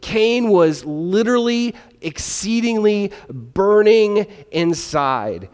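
A man preaching a sermon, animated and conversational, acting out little exchanges in put-on voices. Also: high voice, slow pace, clear, resonant tone. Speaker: pastor. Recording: long hall reverb.

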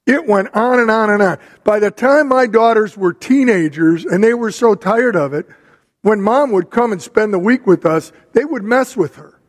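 High-voiced preacher in a reverberant hall. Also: male voice, lively intonation. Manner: measured, storytelling preacher with pauses. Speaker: pastor. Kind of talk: sermon.

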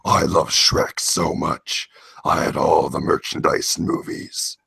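A man voicing a sinister cartoon villain in a deep, gravelly rasp, doing a comedic dramatic reading in a slow, menacing drawl. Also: little pitch movement, pushed and bright, no room sound, exaggerated voice.

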